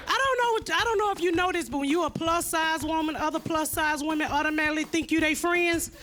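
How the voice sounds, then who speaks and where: Woman doing stand-up, high voice, brash, loud music over her. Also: fast talker. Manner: brash, confiding with the audience. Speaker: stand-up comedian. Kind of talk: stand-up comedy. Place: comedy club stage.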